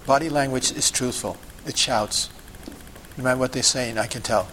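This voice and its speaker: A man leads a hands-on teaching session for a group, speaking at a middling pitch. He talks emphatically and keeps checking in with his listeners. He leans on rhetorical questions, with a faint hiss of noise behind him. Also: moderate pace, sharp tone, low-quality recording. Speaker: sidewalk counselor teaching a group. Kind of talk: instructional talk to a group.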